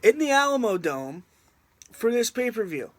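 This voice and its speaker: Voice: mid-range voice, sing-song, normal speed, no echo. A video reviewer ranting in an exasperated, emphatic way, often repeating the same point. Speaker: wrestling reviewer on a video channel.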